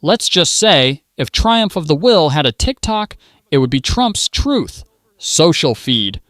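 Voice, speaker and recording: A man's voice: a little high, big pitch swings, takes it slowly, a bit bright, dry recording, clean studio sound. Sarcastic male commentary narrator. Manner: mocking, punchline-driven delivery.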